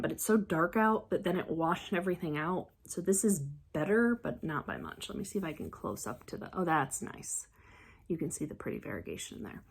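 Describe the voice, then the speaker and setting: A woman chatting casually as a crafting vlogger, excitable and rambling, often trailing off and restarting. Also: fairly low pitch, breathy edge. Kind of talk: casual show-and-tell chat.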